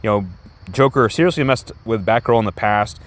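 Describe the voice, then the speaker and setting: A man's voice: lowish voice, fairly quick. A man casually reviewing a comic book, rambling and enthusiastic with many restarts.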